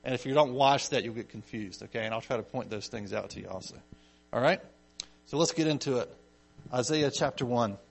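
A man's voice: medium pitch, fairly quick, gravelly, husky. A man teaching a casual Bible study, reading scripture aloud and explaining it conversationally, often checking in with his listeners. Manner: conversational, checks in with "okay?" and "right?", animated emphasis.

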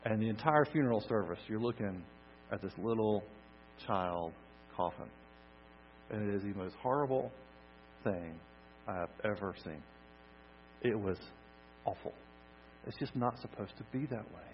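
Expressive preacher, lo-fi hum. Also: male voice, fairly low pitch, normal speed, pauses often. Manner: expressive, swings from loud emphasis to soft near-whisper. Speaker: pastor. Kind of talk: sermon. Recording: dull lo-fi recording with mains hum.

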